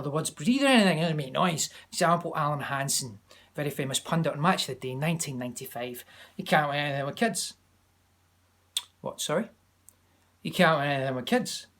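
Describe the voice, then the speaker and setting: A man vlogging from home, giving a chatty, animated accent tutorial that wanders into asides. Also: fairly high pitch, breathy edge. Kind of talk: casual to-camera tutorial. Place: home, during lockdown.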